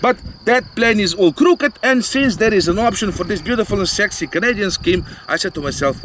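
Brief: high-voiced male host, jokey and rambling, outdoor field recording with loud insect noise. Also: lively intonation, a little fast, few pauses. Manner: joking, rambling, non-native phrasing. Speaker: channel host, RC pilot. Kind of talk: casual outdoor chat.

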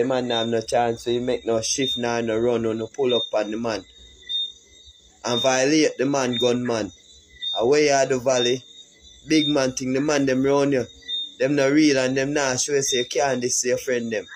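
A man's voice: medium pitch, slight background noise, low-quality recording. A man with a Jamaican accent delivering a heated, repetitive social media rant that calls out a fellow artist.

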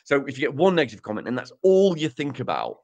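Male podcast co-host, animated pitch, dry self-deprecating humor, casual explainer. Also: quick pace, gravelly, lo-fi sound. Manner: dry self-mocking humor, lively delivery. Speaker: podcast co-host presenting research.

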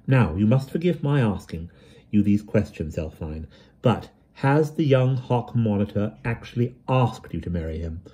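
Male reader voicing a severe, managing young woman; emphatic, husky, mellow tone. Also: lowish voice, animated, moderate pace, pitched above the performer's own voice. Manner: crisp, emphatic, commanding.

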